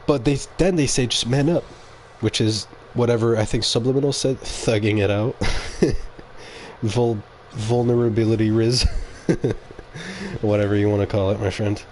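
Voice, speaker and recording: A man's voice: on the low side, steady tone, moderate pace, darkish tone, slight background noise. A man streaming a game and talking casually to his audience, rambling and opinionated and often correcting himself mid-sentence. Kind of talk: casual livestream monologue.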